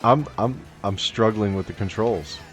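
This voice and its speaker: A man hosting a gaming stream, chatting casually in a relaxed, self-deprecating way. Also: on the low side, measured pace, soft background music. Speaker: streamer host.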